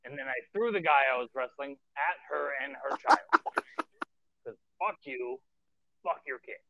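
Gravelly, blunt, foul-mouthed wrestler man. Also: medium pitch, moderate pace, heavy background noise. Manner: profane, blunt, animated ranting. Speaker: professional wrestler guest. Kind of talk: casual podcast storytelling. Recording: dull lo-fi sound, dry.

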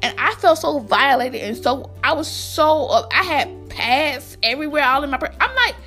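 A young American woman tells a school story straight to her viewers in a casual, rambling way. Her voice sits high and she keeps restarting her sentences. Faint music plays underneath. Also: normal speed. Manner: rambling, animated, many fillers and restarts. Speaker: vlogger.

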